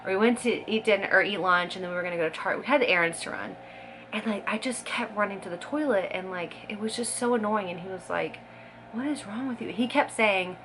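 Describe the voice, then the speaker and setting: A woman's voice: medium pitch, brisk, fairly bright tone, slight background noise. A woman in her thirties chatting casually to camera as a vlogger, talking in a scattered way with fillers and laughs. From Scottish heritage.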